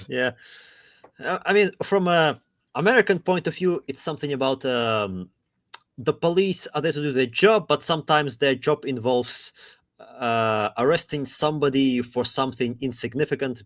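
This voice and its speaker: Casting: male podcast co-host, mid-pitched, wry asides, dead-dry studio sound. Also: no room sound. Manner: reads text aloud with dry asides, laughs often. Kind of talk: casual chat.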